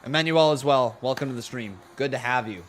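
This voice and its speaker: A man hosting a live wrestling watch-along, chatting casually and getting excited at big moments. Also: mid-range voice, fairly quick. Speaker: live stream host.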